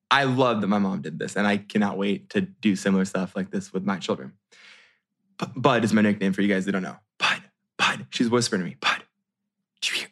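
Animated man in his thirties. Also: fairly low pitch. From United States. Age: 30s. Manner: animated, many restarts and fillers. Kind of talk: casual storytelling.

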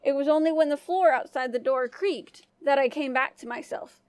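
A woman storyteller giving scripted first-person narration of a folk tale in an even, clear manner. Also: sits high, moderate pace, no room sound.

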